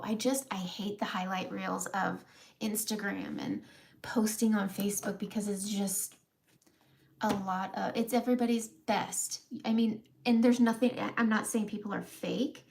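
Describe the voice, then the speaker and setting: A woman's voice: mid-range voice, level tone, normal speed, gravelly, darkish tone, a little hiss or hum. A woman in her thirties talking candidly on her live makeup vlog, emotional and close to tears, laughing through it. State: close to crying. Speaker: makeup seller and vlogger.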